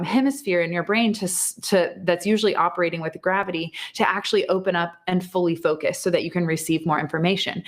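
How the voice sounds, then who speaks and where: A woman in her thirties hosting a podcast, telling a personal story in a chatty, animated way and laughing often. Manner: chatty, animated, laughs often, jumps pitch for quoted speech. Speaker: podcast host and psychic medium. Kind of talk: casual storytelling monologue.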